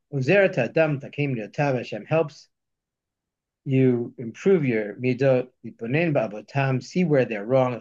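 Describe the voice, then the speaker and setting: A man teaching a text study lesson, reading Hebrew verses slowly and then explaining them. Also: medium pitch, a little mellow, husky, muffled recording. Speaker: Torah teacher.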